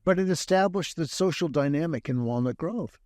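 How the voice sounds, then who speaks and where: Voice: mid-range voice, brisk, darkish tone, no room sound, studio quality. A podcast co-host talking through a scene with enthusiastic analysis. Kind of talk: casual podcast chat.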